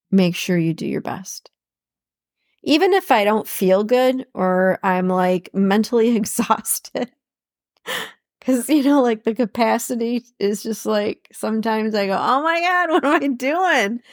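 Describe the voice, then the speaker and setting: Her voice is mid-range and gravelly, and the clean studio recording has no room sound. Hosting a podcast by herself, the woman gives warm, affirming encouragement, speaking imagined supportive words and repeating phrases.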